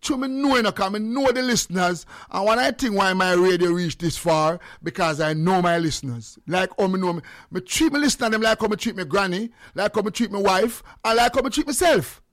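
High-voiced Jamaican man hosting call-in radio. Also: brisk, hardly any pauses. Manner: loud, joking, switches into patois. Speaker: radio show host.

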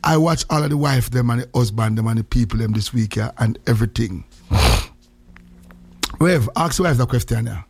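A man's voice: mid-range voice, a little fast, darkish tone, husky, no echo. Joking Jamaican radio host man. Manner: joking, heavy patois, frequent greetings. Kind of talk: casual morning radio chat.

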